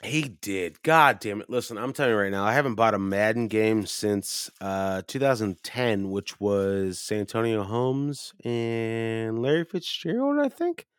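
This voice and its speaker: Man, low and dry, casual podcast storyteller, acts out friends' lines. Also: a little slow, few pauses, clean tone, dry recording. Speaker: podcast co-host telling a story.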